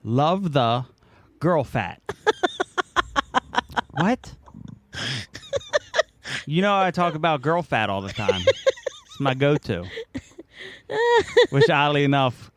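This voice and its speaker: Man, podcast co-host, goofy rambling delivery, lively pitch. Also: slow pace, long pauses. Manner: joking, rambling, animated. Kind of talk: casual chat.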